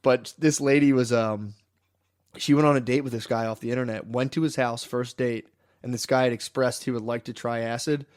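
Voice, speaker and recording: A man co-hosting a podcast, telling rambling, fast anecdotes full of quoted asides in casual chat. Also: mid-range voice, steady tone. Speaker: podcast co-host. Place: podcast studio.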